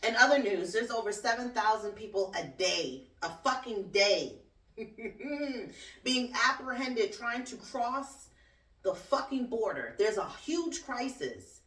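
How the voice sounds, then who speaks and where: A woman's voice: a little high, lively intonation, slow, a bit bright. A woman hosting her own talk show, ranting bluntly and sassily with plenty of swearing and laughter. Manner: blunt, profane, sassy, laughs often. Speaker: podcast host and cleaning business owner. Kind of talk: casual solo talk-show rant. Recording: roomy echo, distant from the mic.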